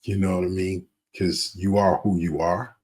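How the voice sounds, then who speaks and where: A man's voice: low voice, flat delivery, darkish tone, husky. A man in his fifties co-hosting a podcast, telling stories in a casual, candid way with plenty of fillers. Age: 50s. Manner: unhurried, candid storytelling with many fillers. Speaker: podcast co-host. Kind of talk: casual chat.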